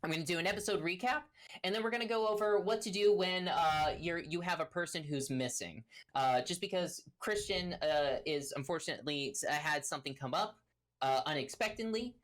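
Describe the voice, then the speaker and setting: A woman's voice: on the low side, a little fast. A woman hosting a tabletop game stream as game master, rambling with many fillers and restarts. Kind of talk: casual stream talk.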